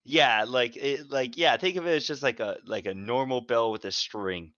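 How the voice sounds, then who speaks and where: A man's voice: mid-range voice, moderate pace, sharp tone, dry recording, muffled recording. Rambling, profane casual podcast guy. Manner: rambling, profane, lots of fillers and restarts. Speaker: podcast co-host. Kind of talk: casual chat, storytelling.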